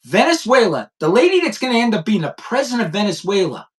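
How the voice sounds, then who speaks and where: High, animated, profane ranting man. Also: fast talker. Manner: blunt, profane, repeats lines for emphasis. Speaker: host and former police chief. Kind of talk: ranting news commentary. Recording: voice a bit distant from the mic.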